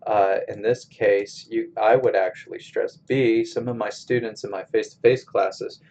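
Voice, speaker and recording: A man teaching a college English class in a recorded screencast lecture, explaining step by step in a slow, methodical way. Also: on the low side, fairly even intonation, a little mellow, rough recording.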